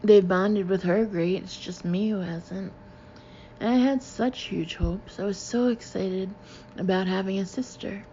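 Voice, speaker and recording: A woman's voice: measured pace, dark tone, dull audio, slight background noise. A woman reading a first-person novel aloud, lifting her voice for the dialogue. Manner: voices dialogue with lifts in pitch and volume. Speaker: audiobook reader.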